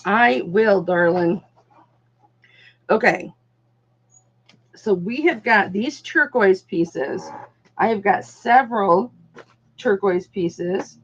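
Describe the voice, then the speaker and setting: A woman's mid-range, slightly breathy voice moves slowly with frequent pauses as she hosts a live online jewelry auction. Her casual sales chat calls viewers darling, honey and doll, captured in dull lo-fi sound.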